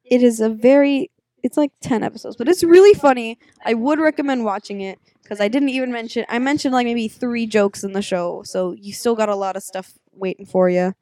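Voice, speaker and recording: A young woman chatting casually as a podcast co-host, teasing her partner and breaking into laughter. Her voice is on the high side. The sound is close and dry, like a small room with a bed. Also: fairly quick, mellow, dry recording. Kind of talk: casual chat, retelling a show.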